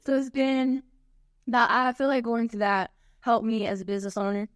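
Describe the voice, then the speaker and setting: Woman on a podcast, kinda high voice, blunt and emphatic, dry close sound. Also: normal speed, smooth, no room sound. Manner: frank and emphatic, with slangy asides. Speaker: podcast guest. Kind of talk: casual podcast chat.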